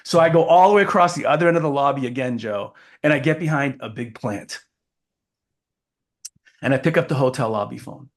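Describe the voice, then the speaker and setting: A man's voice: mid-range voice, brisk. A man in his fifties from New Hampshire, a keynote speaker telling a story as an interview guest and acting out the dialogue. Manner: lively storyteller who acts out the dialogue.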